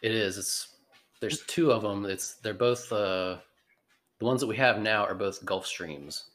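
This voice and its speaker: Podcast guest, male aviator, very low voice, relaxed and matter-of-fact. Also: unhurried. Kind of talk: casual interview chat.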